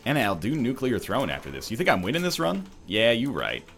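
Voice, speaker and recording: A man riffing casually at his desk while playing a game. His voice is bright and animated, swinging widely in pitch. Faint music plays behind his sarcastic, quick comebacks. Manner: wry, sarcastic banter. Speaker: let's play host. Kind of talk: casual chat over gameplay. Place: apartment.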